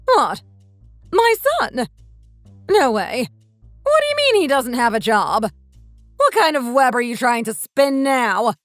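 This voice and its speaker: A woman playing a shrill, scolding mother-in-law in her sixties. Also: very animated, moderate pace, fairly bright tone, dry recording, soft background music. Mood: shocked. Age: 60s. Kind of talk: texting story voice acting.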